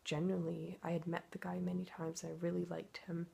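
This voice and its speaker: A woman's voice: lowish voice, monotone, a little fast, gravelly, mellow, slightly rough. A woman telling her own emotional story in a confessional vlog, acting out her inner thoughts as she goes. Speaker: twin flame coach.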